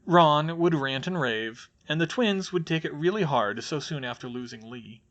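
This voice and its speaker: Slightly high male storybook narrator. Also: lively intonation, normal speed, fairly bright tone, lo-fi sound. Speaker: audiobook reader. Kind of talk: fan fiction audiobook narration.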